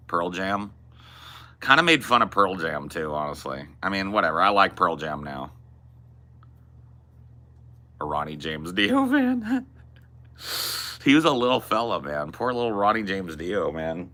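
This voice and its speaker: A man's voice: low voice, very animated, normal speed, sharp tone. A man in his forties chatting casually as a podcast host, rambling and laid-back, with plenty of casual swearing. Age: 40s. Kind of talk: casual chat.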